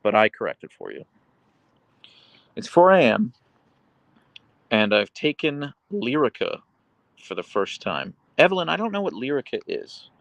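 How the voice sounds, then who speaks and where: A man chats casually on a live stream from his home, reading out viewer comments and rambling between them. His pitch moves around a lot as he talks. The sound is dry and close, with no room echo. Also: wildly swooping pitch, unhurried, gravelly, long pauses, a bit bright, muffled recording. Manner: reads chat aloud, chatty and meandering; baby talk to his dogs in high pitch. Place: home in Seattle.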